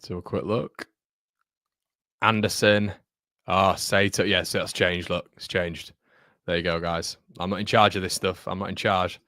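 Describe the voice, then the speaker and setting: Chatty male stream host, bright voice. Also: low voice, fairly even intonation, measured pace, no echo, studio quality. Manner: chatty, reads chat aloud, calls viewers mate. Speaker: livestream host. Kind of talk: casual live watchalong chat.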